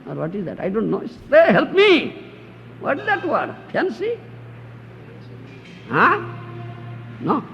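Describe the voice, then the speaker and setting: Animated gravelly man preaching. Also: very high voice, takes it slowly, pauses often, faint music behind. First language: not English. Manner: lively and teasing, acts out the attached householder, asks rhetorical questions. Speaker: spiritual teacher. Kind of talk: scripture lecture with Q&A. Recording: dull lo-fi 1992 lecture tape, faint hiss.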